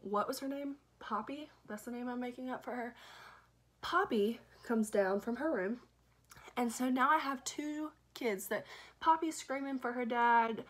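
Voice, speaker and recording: A young woman vlogger telling a story in a casual chat, animated and run-on, often asking "okay?" and acting out shouted lines. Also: a little high. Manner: fast, run-on with filler "okay?" and "like". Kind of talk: casual storytime while getting ready.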